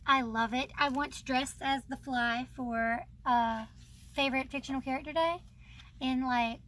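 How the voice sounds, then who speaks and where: A woman's voice: sits high, a bit bright, a little hiss or hum. A young woman hosting her book channel, chatting casually and bubbly, laughing often. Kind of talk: casual chat about books.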